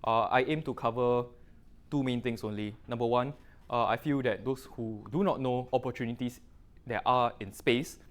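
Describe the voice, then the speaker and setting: A middle-aged man with a Singaporean English accent gives a technical talk to a room at normal speed. His speech is loose, full of fillers and local particles, mid-range in pitch, and feels like a relaxed guest lecture.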